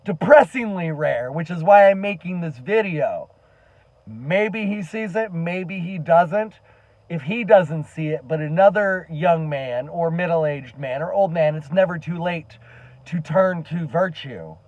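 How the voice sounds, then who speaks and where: Impassioned man, high voice, dry sound. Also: expressive, unhurried, darkish tone, dry recording, highs cut off. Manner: earnest, impassioned, emphatic with profanity. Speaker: political commentary vlogger. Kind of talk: emotional monologue to camera.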